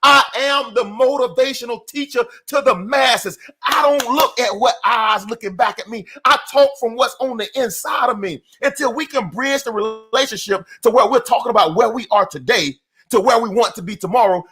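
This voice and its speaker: High-voiced, bright motivational preacher man. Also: normal speed. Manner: emphatic, repetitive, preacher-like cadence. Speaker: motivational speaker.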